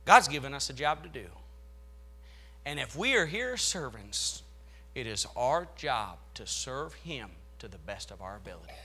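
A male pastor preaching a sermon, reading scripture aloud and swelling dramatically in loudness as he drives his points home. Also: mid-range voice, big pitch swings, normal speed, breathy edge, faint music behind.

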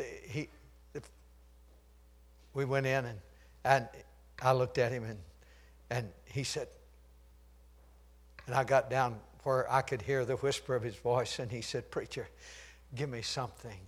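Preaching in a medium-pitched voice, an elderly man alternates between booming proclamations and quiet, intimate stories. He laughs softly at his own jokes.

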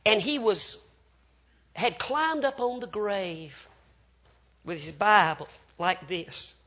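A preacher with a high voice tells a story from the pulpit. He drops to near whispers, then rises into loud cries as he acts out each person in the tale. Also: takes it slowly. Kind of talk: dramatic sermon storytelling.

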